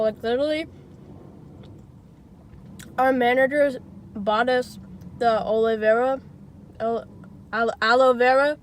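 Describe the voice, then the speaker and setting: A woman's voice: a little high, darkish tone, a little hiss or hum. A young woman vlogging casually from her car, talking in a chatty, profane way and saying "like" a lot. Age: young adult. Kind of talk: casual vlog chat.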